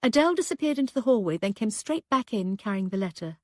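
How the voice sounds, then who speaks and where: A woman narrating an audiobook in a measured, even storytelling manner, recorded close to the mic. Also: a little high, no room sound.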